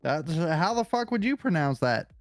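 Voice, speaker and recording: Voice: mid-range voice, big pitch swings, moderate pace, no room sound, faint music behind. A podcast co-host reading a comic-book character profile aloud, casual and swearing, stumbling over hard names.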